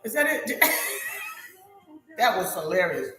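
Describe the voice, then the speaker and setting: Hoarse woman chatting while baking. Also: fairly low pitch, sing-song, slow, bright, forceful tone. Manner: talks to viewers, exclaims to herself. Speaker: home baker streaming live. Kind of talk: chatty live cooking stream. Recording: echoey room with music behind.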